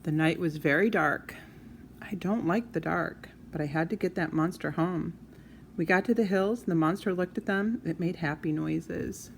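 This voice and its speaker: A woman reading a children's story aloud, in a soft, hushed first-person telling. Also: lowish voice, moderate pace, gravelly, slight background noise.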